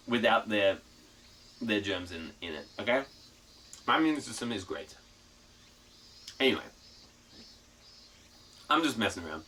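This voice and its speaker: A man chatting casually to his live stream, telling a story in a profane, rambling, animated way. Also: medium pitch, normal speed, far from the mic. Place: outdoors in the mountains.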